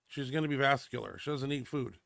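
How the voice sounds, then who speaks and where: A man's voice: medium pitch, brisk, vocal fry, a bit bright, no room sound. A man hosting a powerlifting show, bantering casually with dry, teasing humor.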